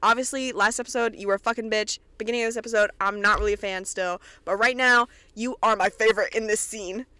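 A young woman from Kentucky hosting a podcast, recapping a TV episode in an excitable, chatty way with plenty of swearing. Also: mid-range voice, fast, hardly any pauses, smooth, dry recording. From Kentucky, USA. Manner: chatty, profane, excitable retelling. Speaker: podcast host.

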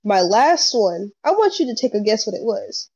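A young woman telling a story in casual chat, acting out what people said, animated. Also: mid-range voice, moderate pace, dry recording. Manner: animated storyteller, acts out quotes. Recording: dull lo-fi sound.

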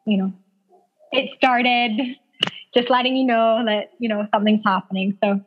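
In a dull lo-fi recording, a woman in her thirties with a mid-range voice and steady tone talks fast while telling a personal story as an interview guest. She keeps it casual and chatty, laughs frequently, and uses plenty of "like."

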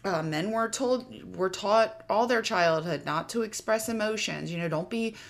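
A woman's voice: medium pitch, measured pace, creaky. A woman, about in her thirties, giving casual self-help advice straight to the listener, frank and swearing now and then. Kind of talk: direct-to-camera advice talk.

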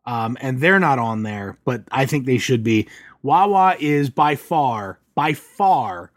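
A man's voice: mid-range voice, animated, takes it slowly, dry recording, clean studio sound. A man co-hosting a casual chat, emphatic and opinionated, telling stories with animation. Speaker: podcast co-host.

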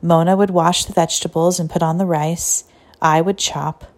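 A woman narrating a story in a steady, even reading voice. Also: fairly low pitch, moderate pace. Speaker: audiobook narrator.

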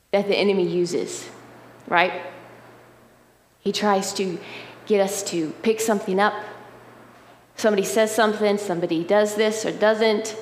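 A woman giving a sermon, telling a personal story in a conversational, animated way, often checking in with the listeners. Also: medium pitch, slight background noise. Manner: conversational, animated storytelling with frequent "right?" asides. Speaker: preacher. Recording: roomy hall reverb, faint ambience.

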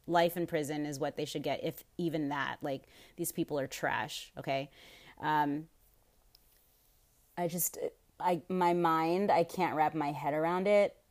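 Fired-up, swearing woman podcast host. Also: sits low. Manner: rambling, swears freely, gets fired up with outrage. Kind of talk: casual solo podcast talk.

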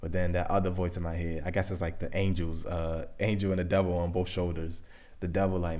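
A young man with a Baltimore accent hosting a casual solo podcast, talking things through in a relaxed, conversational way with plenty of "like" and "um". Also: low voice, brisk. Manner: relaxed, conversational, thinks aloud with frequent "like" and "um". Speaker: podcast host.

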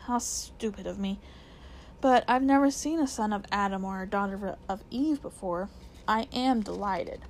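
A woman's voice: mid-range voice, normal speed, slight background noise, lightly acted, rough recording. A woman reading aloud, voicing a timid, courteous male faun with old-fashioned manners. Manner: old-fashioned, fussy politeness.

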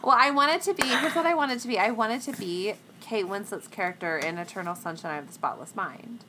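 A woman co-hosting a podcast in casual chat, rambling with lots of "like" and trailing off quietly. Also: mid-range voice, lively intonation, brisk, noisy background. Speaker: podcast co-host.

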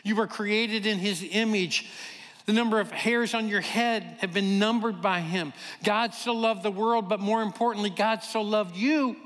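A high-voiced man from Kentucky preaches in a church hall, his words trailing off in a long reverb. He tells a personal story with animated energy and acts out the voices of the people in it. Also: normal speed.

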